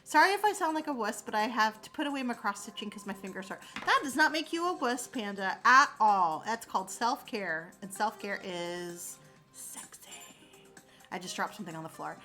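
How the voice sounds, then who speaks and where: A woman in her forties chatting casually on a livestream, reading comments aloud with animated, sarcastic asides. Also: a little high, brisk, faint music behind. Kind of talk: casual chat.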